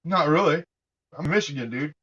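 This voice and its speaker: Stream guest, male, bright voice, easygoing, heard over dull lo-fi call audio. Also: on the high side, a little fast, slightly rough. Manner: laid-back, says "dude" a lot. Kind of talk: casual chat.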